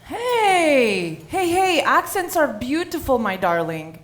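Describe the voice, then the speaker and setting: A woman's voice: sits high, big pitch swings, slow pace, a bit bright, full character voice. A woman playing a fond, laughing mother with a Scottish accent, in stage play acting. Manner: affectionate, laughing. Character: Scottish-born Italian mother, fond and soothing.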